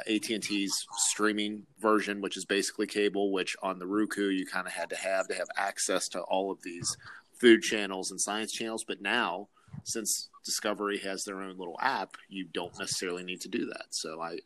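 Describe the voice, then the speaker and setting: A man co-hosting a podcast in relaxed casual chat, often restarting his sentences. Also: low voice, fairly quick. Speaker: podcast co-host.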